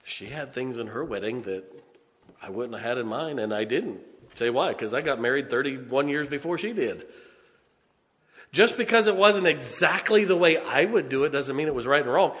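A man, preaching a sermon in a folksy storytelling way, with punchy asides and slow, stressed points. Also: mid-range voice, expressive, fairly bright tone. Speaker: pastor. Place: church sanctuary. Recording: long church reverb.

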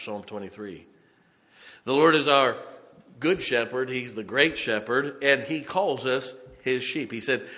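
A man's voice: mid-range voice, a bit bright. A male pastor preaching a sermon in a folksy storytelling manner, acting out the voices of the people in his story. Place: church sanctuary. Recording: long reverb of a church hall.

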